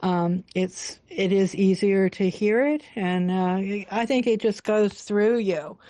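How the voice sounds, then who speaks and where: Woman radio host, interviewer: slow, gentle and a bit hesitant, recorded dry. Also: mid-range voice, no room sound.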